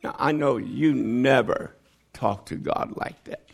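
A man preaching a sermon, dropping low and quiet, then rising into loud, high pleading as he acts out the voices of people in the story. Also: takes it slowly, creaky, husky.

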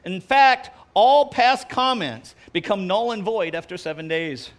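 A man preaching a sermon, delivering jokes in an animated, playful way before reading scripture. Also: sits high, unhurried. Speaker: pastor.

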